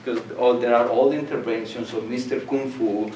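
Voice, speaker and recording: Recorded on a distant mic in a reverberant lecture hall with faint noise, an older man from Colombia delivers a storytelling lecture. He is an animated narrator who laughs and does voices for his characters, speaking at medium pitch and a little fast.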